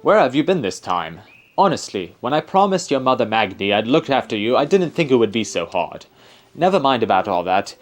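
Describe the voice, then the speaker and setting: A man's voice: medium pitch, very animated, a little fast, close to an everyday voice. A man voicing a fussy, scolding old male guardian in a game, in a put-on British accent. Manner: scolding, stern. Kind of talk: reading game dialogue aloud.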